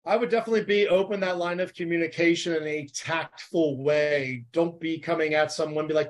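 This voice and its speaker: A man in his forties from the United States, a podcast guest talking in an animated, earnest and heartfelt way. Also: on the high side, a little fast, hardly any pauses. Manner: animated, earnest and heartfelt, talks about faith. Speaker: podcast guest, former Navy SEAL. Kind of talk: casual interview chat.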